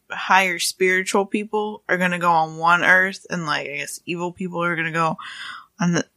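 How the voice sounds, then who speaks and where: Gravelly-edged chatty podcast woman. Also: on the low side, bright, forceful tone, dry recording. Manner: filler-heavy, giggly, chatty. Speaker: podcast co-host. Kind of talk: casual chat.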